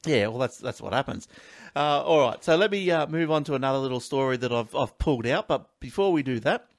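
A man's voice: mid-range voice, expressive, brisk, no room sound, clean studio sound. A man hosting a casual talk show, rambling and chatty, often laughing. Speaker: podcast host. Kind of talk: casual chat.

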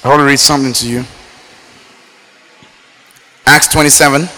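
A man from Nigeria preaching a sermon, swinging between loud emphatic lines and low quiet asides. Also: steady tone, moderate pace. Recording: reverberant hall.

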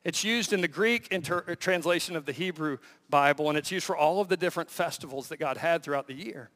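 A man preaching a sermon as pastor, full of rhetorical questions and swinging between loud emphasis and hushed lines. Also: a little high, fairly quick, in a large hall.

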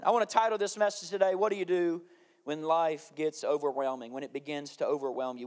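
Male pastor, thirties, animated storyteller, light high voice. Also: fairly quick. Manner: animated storytelling, acting out his kids' voices. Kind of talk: sermon.

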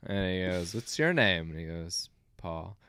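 A man's voice: low-pitched, measured pace, clean tone, dry recording, studio quality. A man, a comedian, chatting casually on a podcast, laughing often and acting out lines from other people's sets. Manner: laughs often, animated, acts out quoted lines.

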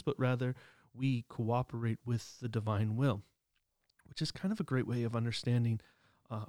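A man's voice: medium pitch, warm tone, dry recording, clean studio sound. Easygoing man musing on faith. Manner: conversational, many restarts and fillers, chuckling asides. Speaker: podcast co-host. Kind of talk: casual reflective commentary.

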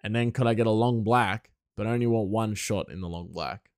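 A man's voice: fairly low pitch, fairly quick, darkish tone, no echo. Young man, rambling solo podcast chat, dry close sound, laughs often.

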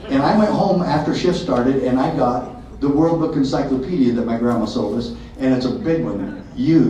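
A man telling a story to an audience in a lively way, acting out the dialogue. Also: fairly high pitch, a little hiss or hum. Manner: animated, acts out dialogue. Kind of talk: storytelling talk. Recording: echoey hall from far off, dull sound.

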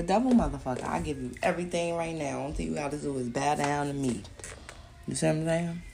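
Gravelly low-voiced woman ranting profanely. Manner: profane, emphatic storytelling; loud outbursts alternating with muttered asides. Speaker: podcast host. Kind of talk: casual monologue.

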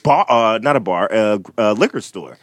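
A man chatting on a podcast with a low voice and lively, swinging pitch, recorded dry and close. His voice is tired and going hoarse as he recommends places to eat. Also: normal speed, dry recording. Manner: gives local restaurant tips. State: losing his voice. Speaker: podcast co-host. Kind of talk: casual chat.

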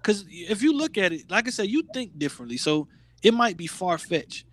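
Slangy, animated podcast man with a high-ish voice. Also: moderate pace. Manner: animated, slangy, rambling with restarts. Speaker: podcast co-host. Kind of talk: casual chat.

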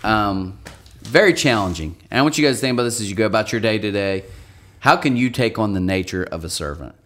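A man's voice: fairly low pitch, expressive, quick pace, a bit bright. A man hosting a podcast in casual chat, laughing easily and turning earnest for a devotional. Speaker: podcast host.

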